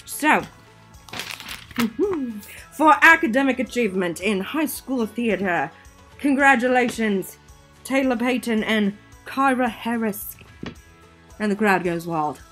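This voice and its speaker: High-pitched theater teacher lady, goofy and dramatic, slow unhurried delivery. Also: fairly bright tone. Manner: theatrical, jokey, self-interrupting. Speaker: theater teacher presenting awards. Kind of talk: playful recorded award presentation.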